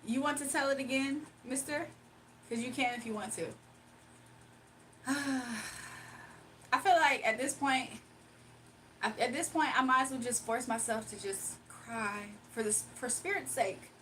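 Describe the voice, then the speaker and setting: A woman chatting casually with her viewers on a livestream, animated and laughing often. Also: high-pitched, unhurried, pauses often, slight background noise.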